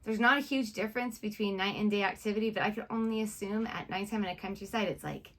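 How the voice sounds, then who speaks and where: A woman's voice: medium pitch, fast talker, fairly bright tone. Brief: woman, reaction co-host, casual and playful, mid-range voice. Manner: chatty, playful. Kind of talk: casual chat.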